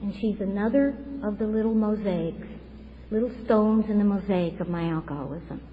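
A woman's voice: medium pitch, normal speed. Woman in her fifties giving testimony. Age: 50s. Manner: earnest, reflective storytelling. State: tearful at times. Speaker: speaker sharing her recovery story. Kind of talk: personal testimony at a recovery meeting. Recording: dull lo-fi recording with faint noise.

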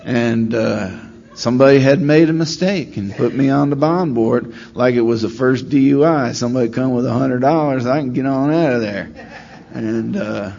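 A middle-aged man at a recovery meeting telling his story in a wry, self-deprecating way, rambling with many pauses. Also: medium pitch, gravelly, warm tone. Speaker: speaker sharing at a recovery meeting. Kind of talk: storytelling share. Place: meeting room. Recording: slightly dull recording with faint room noise.

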